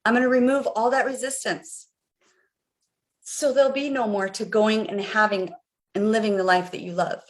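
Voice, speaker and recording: A woman's voice: on the high side, fairly even intonation, moderate pace. A middle-aged woman coaching viewers on a live stream, guiding them through a visualization in an earnest, repetitive way. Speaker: life coach.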